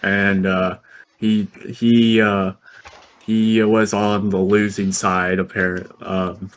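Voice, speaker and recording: Slow, halting low-voiced man. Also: flat delivery, poor audio. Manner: halting, many ums and uhs, chuckling. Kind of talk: casual storytelling.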